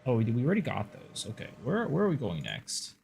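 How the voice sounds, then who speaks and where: A man's voice: medium pitch, wildly swooping pitch, fairly quick, gravelly, darkish tone, slight background noise. A man streaming a game, casually commenting, joking and answering his viewers as he plays.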